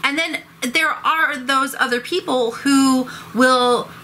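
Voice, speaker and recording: A woman's voice: high voice, slow pace, a little hiss or hum. A woman talking casually and expressively to the camera in a vlog. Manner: animated, expressive. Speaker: vlogger.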